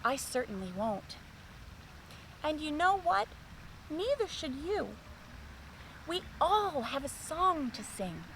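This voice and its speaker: Woman as a shy young boy mockingbird, soft-spoken, gentle, slow and lilting storybook read. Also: high voice, sing-song, a little hiss or hum, full character voice, rough recording.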